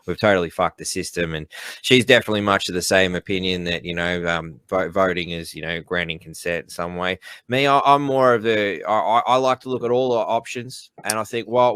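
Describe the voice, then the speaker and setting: A man hosting an interview, talking in a relaxed, rambling way with casual swearing. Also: sits low, clean tone, no room sound. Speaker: interview host.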